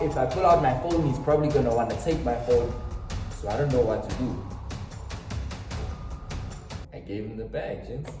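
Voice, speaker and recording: Young South African man, dramatic storyteller, mellow tone, echoey room. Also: medium pitch, normal speed, pauses often, distant mic. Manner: dramatic, quotes voices, slangy asides to viewers. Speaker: storytime vlogger. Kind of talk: animated storytime vlog. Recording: roomy echo, off-mic, faint music.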